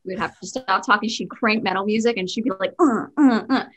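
A woman from Georgia chatting among friends and leaning on stories and examples. Her voice is bright and forward at a middle pitch. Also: fairly even intonation, fast. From Georgia, United States. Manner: storytelling, fond of examples. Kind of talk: casual group chat.

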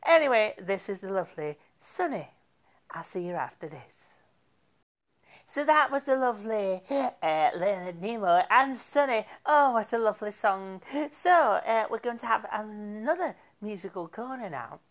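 A woman's voice: medium pitch, expressive, normal speed. Gushing woman radio DJ. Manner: chatty, theatrical, gushing, with asides to an off-mic helper. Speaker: radio DJ host. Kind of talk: comic community radio DJ patter.

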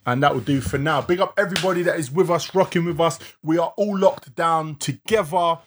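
A man co-hosting a podcast and DJing, chatting in a relaxed, slang-heavy way. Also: fairly high pitch, a little fast, slight background noise. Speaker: podcast co-host and DJ. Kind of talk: casual chat.

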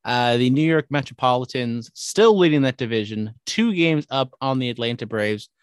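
A man co-hosting a casual sports talk show, running through scores and records with wry, upbeat energy. His voice is mid-pitched and sounds dry and close, with no room around it. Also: animated, moderate pace, clear, resonant tone, dry recording. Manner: upbeat, wry, jumps between stats and jokes. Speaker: podcast co-host.

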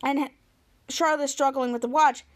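A young woman in her twenties hosts a podcast and retells a show scene by scene. She talks casually and rambles, often restarting her sentences, with a voice pitched high for a woman. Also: fairly even intonation, moderate pace. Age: 20s. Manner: rambling, with many restarts and "he's like". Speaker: podcast host. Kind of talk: casual episode recap.

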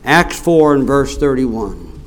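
A middle-aged man preaching a sermon, telling stories and swinging from quiet asides to loud, raised passages. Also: medium pitch, very animated, slow.

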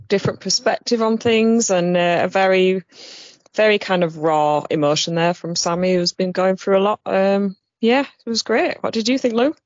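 A woman hosting a podcast in a relaxed, halting way with many fillers. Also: mid-range voice, no echo, highs cut off. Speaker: podcast host. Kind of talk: casual podcast chat.

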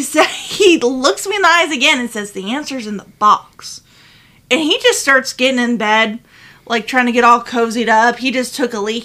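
Bright, animated woman telling a story. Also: a little high. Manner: animated, swears freely, loud when retelling. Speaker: podcast co-host. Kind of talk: casual chat, storytelling.

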